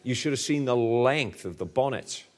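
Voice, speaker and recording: A man with a Liverpool accent preaching a sermon with humor, his delivery swinging between booming emphasis and hushed asides. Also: animated, moderate pace.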